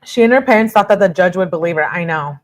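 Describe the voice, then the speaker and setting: A woman's voice: fairly low pitch, fast. A woman streamer reading text messages aloud and chatting casually with her viewers about a court case. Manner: reads messages flatly, breaks off to chat with viewers. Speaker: true-crime streamer reading texts.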